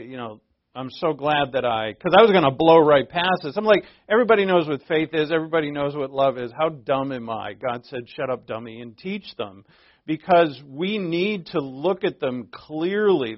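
A man's voice: medium pitch, no echo, lo-fi sound. A man preaching a verse-by-verse sermon as pastor, in a conversational, self-deprecating way with frequent fillers. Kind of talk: expository sermon.

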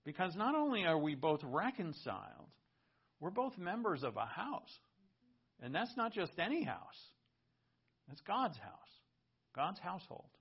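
A man's voice: high voice, sing-song, a little slow, long pauses, slightly rough. A man preaching a sermon, reading scripture aloud and explaining it in an earnest teaching tone. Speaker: pastor. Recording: muffled lo-fi recording.

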